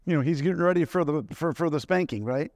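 A man's voice: fairly high pitch, fast, darkish tone, no room sound, studio quality. A middle-aged man preaching a sermon, telling personal stories in a conversational way and asking the congregation questions.

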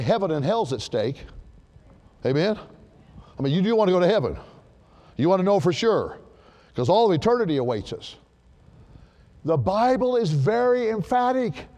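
Delivering a sermon to his congregation, a high-voiced preacher is animated and emphatic, driving points home by repeating key words, with a long reverb tail trailing his speech.

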